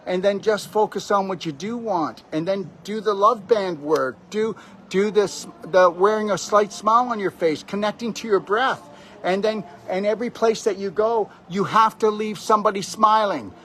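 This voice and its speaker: A man's voice: high-pitched, a bit bright, a little hiss or hum. A man delivering a rambling, emphatic motivational monologue on natural health, preaching straight at the listener. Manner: preachy, emphatic, keeps addressing the listener directly.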